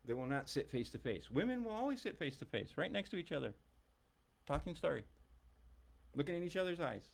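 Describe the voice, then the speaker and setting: A man's voice: medium pitch, creaky, a little mellow. A middle-aged man and longtime teacher giving a blunt, emphatic, profane ranting monologue.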